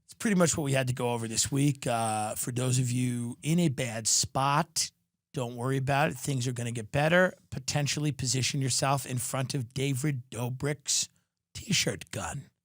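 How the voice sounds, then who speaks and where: A man hosting a podcast, delivering a sardonic comedic monologue that rants and bursts into mock shouting. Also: mid-range voice, normal speed, no echo, studio quality. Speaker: podcast host.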